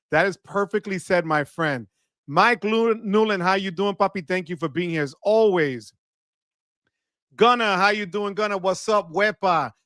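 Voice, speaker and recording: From his home studio, the chatty host of a live credit card show runs a casual livestream, his voice high for a man and a little off from allergies. He sounds pushed and bright, greeting viewers by name and tossing in Spanish words. The close studio mic gives a dry sound with no room around it.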